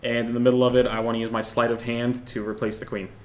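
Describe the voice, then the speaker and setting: A man playing a tabletop game, eager and lively in his talk. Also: mid-range voice, fast, slight background noise. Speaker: player.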